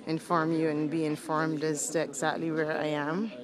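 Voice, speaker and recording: A woman's voice: sits low, completely flat delivery, normal speed. A young woman, a student reporter, vlogging casually and self-mockingly on her phone while walking through a church. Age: young adult. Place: busy church interior. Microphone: phone held while walking. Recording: phone audio in a crowd. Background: crowd of visitors.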